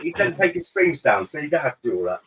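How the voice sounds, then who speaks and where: A man's voice: a little high, sing-song, fast talker, fairly bright tone, a little hiss or hum, poor audio. A man chatting on a livestream, joking, swearing and firing questions at the others. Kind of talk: casual chat.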